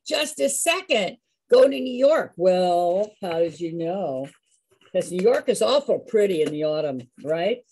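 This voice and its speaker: A woman's voice: fairly high pitch, slightly rough. A woman leading a live singing and movement class, upbeat and coaxing as she calls on people by name.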